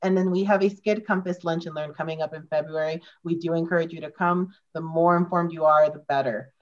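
A woman's voice: low voice, steady tone, brisk. A woman moderating an online forum, politely reading announcements and sponsor lists. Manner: polite, reads lists steadily. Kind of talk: scripted announcements. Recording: dull lo-fi video call audio.

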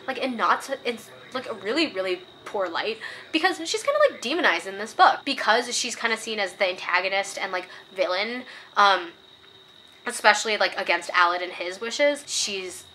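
A young woman talks through a book review in a casual, chatty way. Her voice is bright and clear. She is opinionated and gets worked up as she reads quoted passages aloud. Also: medium pitch, a little hiss or hum.

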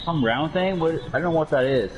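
A man with a slightly high, brisk voice plays a video game while offering playful commentary, teasing and joking around with his brother. The recording sounds dull and lo-fi, with music in the background.

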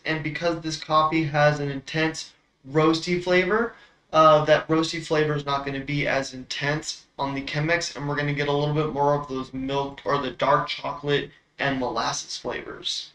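A man hosts a coffee tasting, walking the viewer through brewing in a relaxed, explanatory way with plenty of fillers. His voice is a touch high and bright. The room around him sounds echoey. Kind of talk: casual instructional demo.

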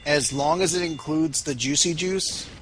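A man's voice: on the high side, measured pace, crowd noise, low-quality recording. A man chiming in as co-host on a livestream with short, dry, sarcastic quips. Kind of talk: casual banter.

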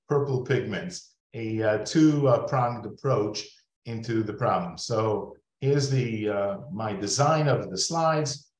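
A man's voice: medium pitch, a little mellow, reverberant. An older man giving a webinar lecture over a video call, chatty and digressive with many fillers.

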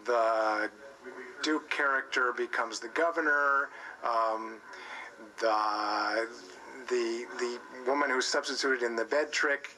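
Halting male writer, mid-pitch, bright voice. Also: poor audio. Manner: halting, many fillers. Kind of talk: casual interview chat.

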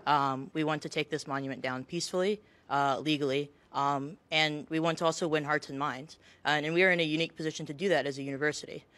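Measured young woman student activist. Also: low-pitched, fairly even intonation, fairly bright tone, no room sound. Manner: measured, careful, frequent ums. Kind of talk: panel discussion.

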